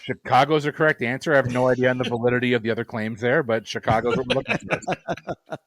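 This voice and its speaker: A man's voice: medium pitch, steady tone, quick pace, fairly bright tone, dry recording. A man hosting a trivia game, reading questions and teasing the players with dry humor. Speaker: trivia quizmaster.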